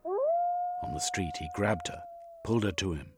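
A man narrating an audiobook with measured, expressive storytelling. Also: extremely high pitch, heavy background noise. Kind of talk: audiobook reading.

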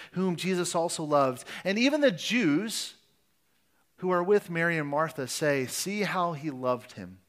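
Delivering a sermon as pastor, a man with a somewhat high, slightly bright voice speaks with earnest conviction. His emphasis shifts, and now and then he restarts a phrase.

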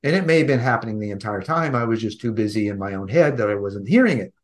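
A man being interviewed on a podcast, telling a personal story in an earnest, gentle way with frequent restarts. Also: lowish voice, animated, fast. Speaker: podcast guest.

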